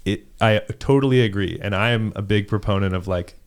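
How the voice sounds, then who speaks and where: A man's voice: on the low side, a little fast. Earnest man saying "dude". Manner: energetic, earnest, says "dude" and "bro". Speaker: volleyball player, podcast co-host. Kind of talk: casual chat.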